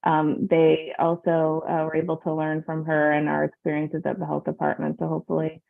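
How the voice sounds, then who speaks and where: Lady chairing a board meeting, gravelly voice, tinny phone-ish sound, lots of ums. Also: low-pitched, completely flat delivery. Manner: measured, with frequent fillers.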